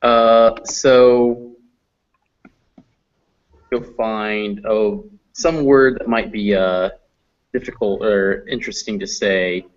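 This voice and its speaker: A man teaching English pronunciation in an online class, patiently explaining phonetic symbols and slowing down to demonstrate sounds. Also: lowish voice, steady tone, muffled recording.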